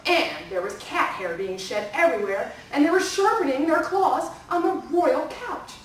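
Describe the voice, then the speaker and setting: A woman's voice: high voice, normal speed, slight background noise. A woman storyteller in a library, telling a folktale to children and asking them questions. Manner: animated, asks the audience questions. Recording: echoey room from far off.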